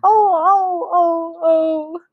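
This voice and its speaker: A woman voicing a flustered, easily frightened mother in a storybook reading, with high fluttering cries. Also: takes it slowly, dry recording, muffled recording. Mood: alarmed.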